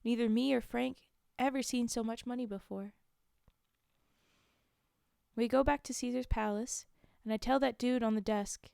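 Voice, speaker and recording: A woman reads a story aloud on a live stream, her voice fairly high, smooth and clear. She is close to the mic in a dry space. She pauses now and then for chatty, amused remarks. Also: a little mellow, no room sound. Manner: reads the text plainly and breaks off for chatty, amused asides. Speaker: streamer reading a book aloud. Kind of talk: casual live-stream book reading with asides.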